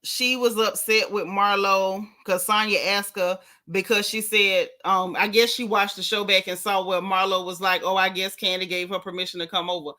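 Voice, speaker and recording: A woman's voice: medium pitch, normal speed, few pauses. A woman hosting a live stream, chatting bluntly and sassily about a reality show and thanking viewers. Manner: sassy, blunt, animated gossip. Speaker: show recap host. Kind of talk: casual live-stream chat.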